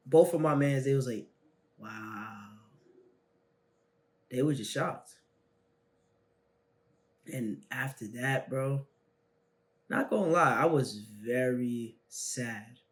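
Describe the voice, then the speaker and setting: A young man hosting a self-help video, telling a personal story in slangy, animated casual talk that swings between loud bursts and quiet asides. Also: mid-range voice.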